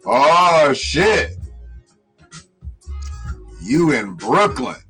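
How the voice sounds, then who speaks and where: Loud, animated man hosting a live stream. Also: medium pitch, extremely slow, pauses often, breathy edge, low-quality recording. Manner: loud, profane, joking, greets viewers by name. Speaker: live show host. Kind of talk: casual live-stream chat. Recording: music playing in the background.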